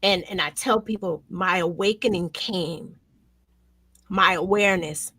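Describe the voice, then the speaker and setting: A woman hosting a talk show, speaking with raw emotion, her voice swinging between loud outbursts and hushed near-whispers. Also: lowish voice, unhurried, slightly rough, no room sound. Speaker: show host. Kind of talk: emotional commentary chat.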